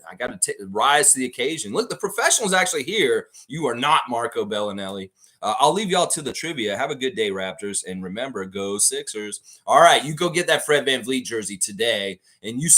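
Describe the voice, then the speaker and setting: Animated man hosting a live trivia stream. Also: mid-range voice. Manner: chatty, reads out viewer answers, laughs often. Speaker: trivia quiz host. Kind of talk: casual livestream quiz hosting.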